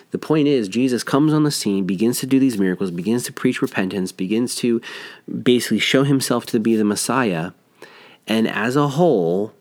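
A man teaching through a Bible passage verse by verse in a conversational, explanatory way, with frequent restarts. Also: on the low side.

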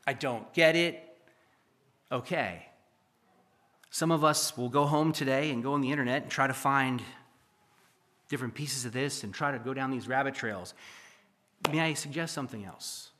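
A man's voice: mid-range voice, normal speed, pauses often, a bit bright. A male pastor preaching a sermon in church, reading scripture aloud with emphasis and explaining it.

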